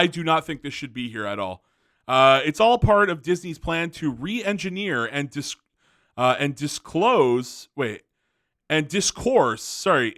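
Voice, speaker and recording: A man's voice: a little high, sharp tone. A man hosting a commentary video, ranting angrily with profanity, fillers and restarts.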